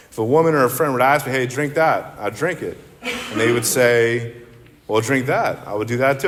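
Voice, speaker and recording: Male speaker at a recovery meeting, middle voice, candid and rambling, with long reverb from the meeting hall. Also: medium pitch. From central New Jersey. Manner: rambling, candid, self-deprecating. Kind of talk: personal recovery talk.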